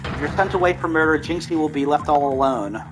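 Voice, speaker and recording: A man's voice: fairly high pitch, brisk, over music, close to an everyday voice. A man voicing an earnest young female defense attorney from a courtroom game, speaking in an urgent, pleading way.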